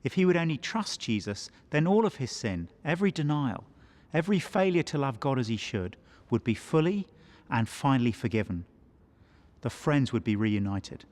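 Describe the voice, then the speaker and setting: A man, a pastor, giving a scripted Bible teaching talk in an earnest, measured way with dramatic pauses. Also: medium pitch, animated, darkish tone, no echo.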